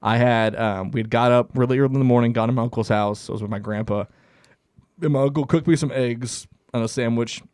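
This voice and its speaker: On a comedy podcast, a young co-host from Canada laughs his way through a rambling, profane hunting story. His medium-pitched voice is clear and resonant, a little mellow, fairly quick, with fairly even intonation, captured in clean studio sound without room sound.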